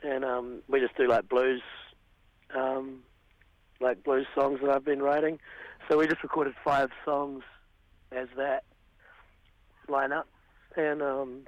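A man with a New Zealand accent chats haltingly about his band, his voice slightly raspy from last night's gig. The sound is dull and dry, like it is coming down a phone line into a radio studio. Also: mid-range voice, little pitch movement, no room sound. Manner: hesitant, lots of ums and trailing off. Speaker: band singer, interview guest. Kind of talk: casual phone-in radio interview.

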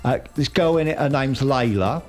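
A man's voice: medium pitch, expressive, normal speed, a little mellow, soft background music. A man in casual radio chat, rambling through a soap opera recap with slangy asides. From United Kingdom.

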